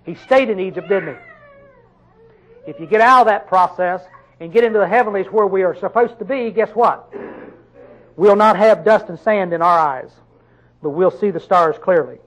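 Male preacher with a high voice; sermon delivery, questioning listeners, with sudden loud emphatic bursts. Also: rough recording. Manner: reads scripture slowly and drawn out.

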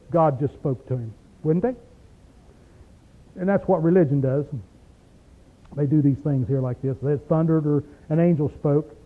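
A man preaching a sermon in a small room in an emphatic, folksy way, recorded on tape. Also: high-pitched. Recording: tinny phone-like tape recording.

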